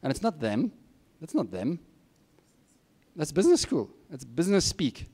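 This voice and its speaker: A man's voice: on the high side, wildly swooping pitch, moderate pace, dark tone, slightly rough. A middle-aged man giving students candid, plain-spoken career advice with self-deprecating asides. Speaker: guest speaker. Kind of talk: informal advice talk to students.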